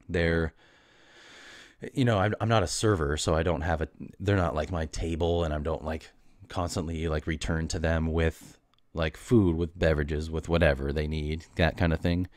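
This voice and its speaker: A man's voice: extremely low pitch, no room sound, studio quality. A young man hosting a solo podcast, ranting in a casual, exasperated and mocking way about customers at his coffee shop job. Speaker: podcast host.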